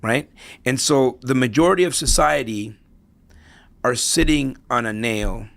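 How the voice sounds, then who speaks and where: A man's voice: medium pitch, unhurried, gravelly, a bit bright. A middle-aged man, a podcast guest, telling stories in a reflective, motivational way, restarting phrases and tagging them with "right?". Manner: storytelling, repeats himself, tags lines with "right?". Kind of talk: conversational podcast interview.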